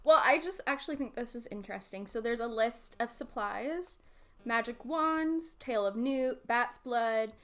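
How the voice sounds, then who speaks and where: A woman co-hosting a podcast in casual chat, giggly and quick with sarcastic asides. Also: fairly high pitch, fairly bright tone. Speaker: podcast co-host.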